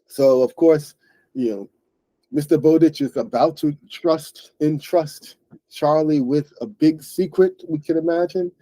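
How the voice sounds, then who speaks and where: A man hosting an English book club, explaining words slowly and plainly to learners and often checking in with "right?". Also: on the high side, mellow, no echo.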